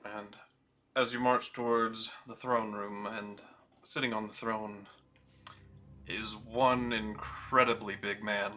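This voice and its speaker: A man narrates a fantasy tabletop game as its game master. His voice is strikingly bright and forceful, and he describes halls and characters in a relaxed, descriptive way, with fillers now and then. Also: fairly low pitch, slow, slight background noise.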